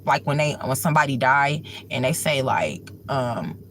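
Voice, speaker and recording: A woman's voice: extremely low pitch, lively intonation, moderate pace, gravelly, a little hiss or hum. A woman hosting a livestream, telling a personal story at home in a rambling way, full of filler words. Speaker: livestream host.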